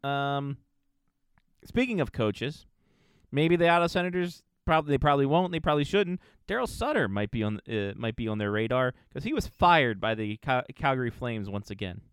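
Casual hockey podcast co-host, male, mid pitch, smooth resonant tone, loose profane rambling. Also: lively intonation, moderate pace, dry recording, studio quality. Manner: swears freely, rambling with fillers. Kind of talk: casual sports chat.

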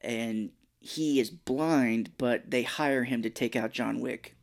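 A man's voice: mid-range voice, slow pace, gravelly. Rambling man reviewing a movie. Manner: rambling, animated, does mock voices of film characters. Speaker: podcast co-host. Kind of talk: casual movie review chat.

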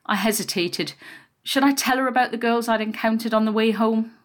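A woman narrating a first-person memoir in a quiet, measured storytelling voice. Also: medium pitch.

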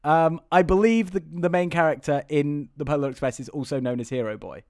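A man co-hosting a podcast, rambling through a film recap with loud, incredulous outbursts. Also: on the high side, brisk, few pauses, no room sound, clean studio sound. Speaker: podcast co-host. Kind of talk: casual chat recapping a film.

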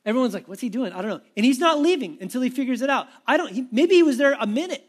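Animated high-voiced male preacher. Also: very fast. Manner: animated, conversational storytelling. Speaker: pastor. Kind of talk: sermon.

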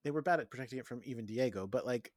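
A man co-hosting a casual podcast, recapping a film and acting out the characters' lines in quick voices. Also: mid-range voice, no echo, studio quality. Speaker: podcast co-host. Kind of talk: casual movie recap chat.

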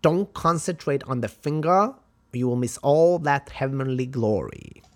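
A man's voice: mid-range voice, lively intonation, measured pace, pitched above the performer's own voice, natural voice. A Swedish man putting on an impression of a male martial arts master instructing a student, in a mock-solemn, emphatic way. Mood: instructive.

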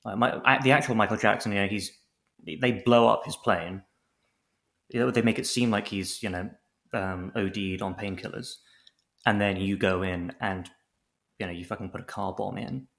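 A man's voice: lowish voice, fairly even intonation, normal speed, creaky, fairly bright tone. A man co-hosting a podcast in casual chat, joking and rambling with many restarts. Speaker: podcast co-host.

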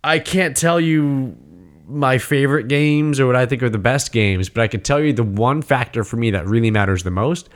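A man chatting casually, telling rambling, profane, animated stories. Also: mid-range voice, normal speed. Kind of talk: casual chat.

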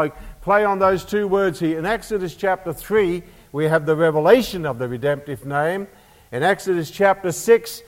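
A man teaching a Bible lesson as a sermon, who stresses repeated key phrases with emphasis. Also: a little high. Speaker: preacher. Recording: reverberant hall.

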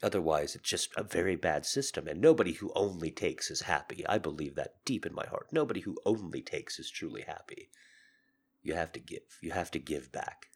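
A man with a very deep, rough, husky voice, hoarse from being sick. He hosts his podcast as an intimate confessional monologue. His tone is earnest and seductive, with loud urgent pushes that fall away into soft murmurs. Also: animated, a little fast. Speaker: podcast host.

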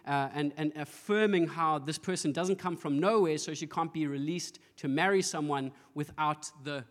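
A man's voice: a little high, normal speed, in a large hall. A man pastor preaching a sermon, telling stories with playful acted-out asides. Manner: storytelling with playful voiced asides and laughter.

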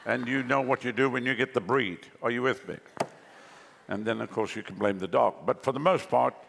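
A man's voice: mid-range voice, a little fast, vocal fry, a bit bright, husky. A male pastor preaching a sermon, telling jokes and stories to the congregation in a large church hall. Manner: joking, storytelling preacher. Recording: long hall reverb.

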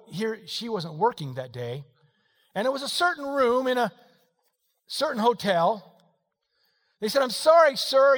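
A man preaching a sermon, telling a story in an animated way and swinging between quiet and loud passages. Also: very high-pitched, in a large hall. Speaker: pastor.

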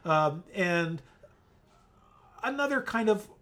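A man co-hosting a casual chat show, his voice sitting a bit higher than most men's. He talks in a halting way, pausing on ums and repeating words as he gathers his thoughts. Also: lively intonation, sharp tone. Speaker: podcast co-host.

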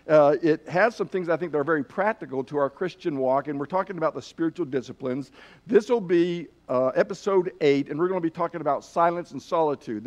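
A man preaching a sermon in a loose, folksy way, with many fillers and restarts. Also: fairly high pitch. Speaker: pastor. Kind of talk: sermon with a told joke.

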